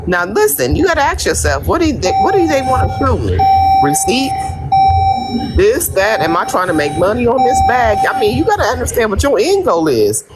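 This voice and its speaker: A woman's voice: on the high side, wildly swooping pitch, moderate pace, loud music behind the voice. A woman hosting a live stream, bossy and coaching, often talking over the others. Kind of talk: casual live-stream chat. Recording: loud background noise.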